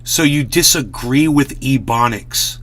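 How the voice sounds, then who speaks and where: A man's voice: medium pitch, measured pace, fairly bright tone. A man hosting a live stream, ranting in a worked-up, swearing, casual way. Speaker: livestream host.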